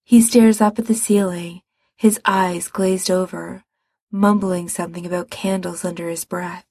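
A woman reads a story aloud at an unhurried pace, in a soft, measured way. Her voice is breathy and slightly husky, and the sound is close and dry with no room around it. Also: on the low side, steady tone, no echo. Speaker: narrator. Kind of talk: storybook narration.

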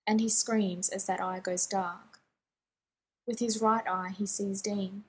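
A woman narrating a fan fiction story in a hushed, intimate and even manner. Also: mid-range voice, husky, poor audio.

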